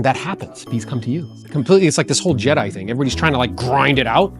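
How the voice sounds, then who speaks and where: A real estate coach with a mid-range voice talks rapid-fire, hardly pausing, coaching agents in a blunt, slangy style. He animatedly acts out callers' voices and quizzes his listeners, with soft music in the background.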